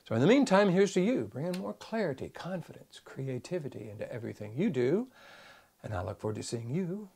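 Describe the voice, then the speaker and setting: A man who works as a psychologist, giving a conversational, animated teaching talk to camera in a folksy way. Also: a little high, brisk, gravelly, slightly rough. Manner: animated, acts out little parent-child dialogues. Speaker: psychologist and speaker.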